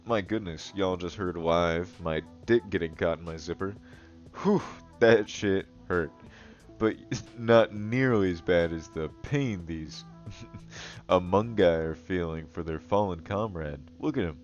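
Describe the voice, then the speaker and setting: A man's voice: low voice, unhurried. A man giving comedic, crude commentary while drawing, laughing often and calling himself the Goblin King as he talks to viewers. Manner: crude, profane jokes and frequent laughing; self-styled Goblin King persona talking to viewers. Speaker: digital artist and video host. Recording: dull lo-fi recording with faint music.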